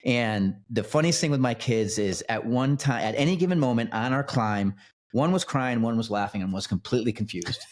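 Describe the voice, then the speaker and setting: A man's voice: medium pitch, fairly quick. A man, a podcast guest who founded a nonprofit, telling his personal story in a casual, rambling way, often restarting and repeating words.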